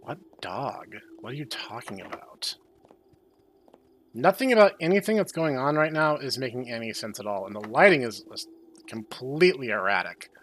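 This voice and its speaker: Man, young adult, game commentary, dry sarcasm, deadpan asides, pitch swinging a lot. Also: normal speed, slight background noise. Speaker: game streamer. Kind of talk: sarcastic let's-play commentary.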